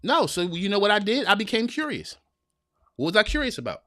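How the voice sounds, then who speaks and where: A man's voice: high-pitched, sing-song, a little fast, sharp tone, dry recording, studio quality. A man hosting a podcast, giving an earnest, preachy motivational talk in a folksy manner, addressing listeners as y'all and repeating lines for emphasis. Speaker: podcast host.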